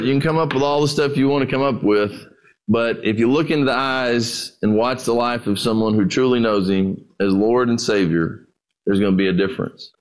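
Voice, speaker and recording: A man preaching as pastor, telling stories in a conversational way and addressing listeners as "guys.". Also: medium pitch. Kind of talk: sermon storytelling.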